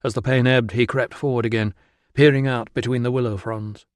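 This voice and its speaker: A man's voice: medium pitch, steady tone, fairly quick, dry recording. Man narrating an audiobook, dry close sound.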